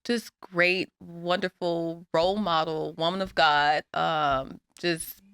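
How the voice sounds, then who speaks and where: A woman's voice: on the low side, slow pace, smooth, dry recording, studio quality. A woman, guest on a talk show, telling stories animatedly and laughing often. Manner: animated storyteller, acts out voices, laughs often. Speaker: guest, nonprofit founder. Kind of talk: casual interview chat.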